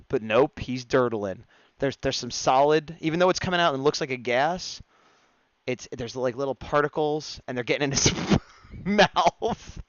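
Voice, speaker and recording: A man's voice: medium pitch, moderate pace, clear, resonant tone, no room sound, lo-fi sound. A man chatting in a playful, easygoing way as he narrates his drawing on a live stream. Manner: playful and chatty, laughs at his own jokes.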